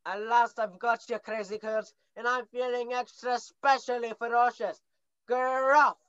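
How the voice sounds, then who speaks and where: A woman's voice: on the high side, little pitch movement, unhurried, fairly bright tone, clear, resonant tone, no room sound, lo-fi sound. A girl playing a blustering little cinnamon bear. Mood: ferocious. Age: young adult. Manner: bossy, blustering, mock-ferocious. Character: brave, gruff little male cinnamon bear. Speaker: student actor. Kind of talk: stage play acting.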